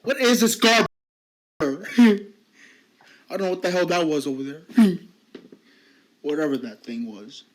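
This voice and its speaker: A man's voice: a little high, measured pace, long pauses. A man streaming live, commenting casually and offhandedly through bursts of laughter.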